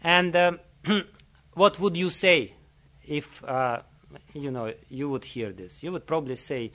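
A man giving a sermon, telling a story in an earnest way with frequent soft laughs and hesitant pauses. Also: a little high. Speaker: religious teacher.

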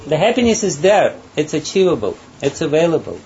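A man giving a spiritual talk, telling a parable in a halting way and laughing often. His voice is somewhat high yet dark and mellow. The recording sounds dull and has faint background noise. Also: very animated. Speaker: spiritual teacher.

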